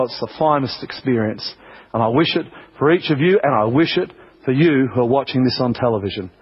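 A man's voice: mid-range voice, slightly rough, muffled recording. A man preaching a sermon to his church and a television audience, impassioned and emphatic, building to strong peaks. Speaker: pastor.

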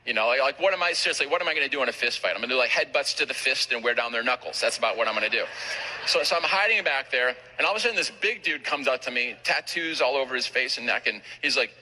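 Fast, bright-voiced preaching man. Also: medium pitch, rough recording. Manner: animated, rapid anecdotal preaching with asides to the crowd. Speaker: pastor. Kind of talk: sermon storytelling.

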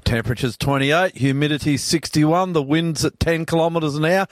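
A man's voice: on the high side, normal speed, no room sound, clean studio sound. An older Australian man hosting a radio show, chatting casually and rambling as he repeats himself. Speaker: radio host.

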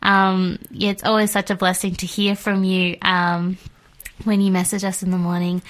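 A woman's voice: mid-range voice, fairly bright tone. A woman co-hosting a Christian radio show, chatty and laughing often as she reads listener texts. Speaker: radio co-host. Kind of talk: casual Christian radio chat.

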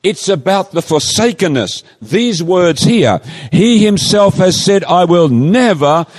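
A man preaching a sermon in a fairly high, very animated voice, swooping up and down as he stresses each point. He stretches out scripture quotes slowly and pleadingly. His voice rings with a long reverb, as if in a large hall. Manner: emphatic, pleading, drawn-out quoting of scripture.

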